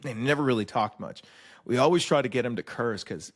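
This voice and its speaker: Male host, mid pitch, lively and profane storyteller. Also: fairly quick. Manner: animated storyteller, swears freely. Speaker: podcast host. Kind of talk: casual conversation, storytelling.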